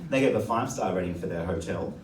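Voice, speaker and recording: A man performs stand-up, crude and sardonic, his pitch swinging animatedly. He is heard from a distance in a roomy venue, with audience laughter and clear ambient noise behind him. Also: expressive, fast. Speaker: stand-up comedian. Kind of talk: stand-up comedy set. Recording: echoey live venue, distant mic. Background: audience laughter and room ambience.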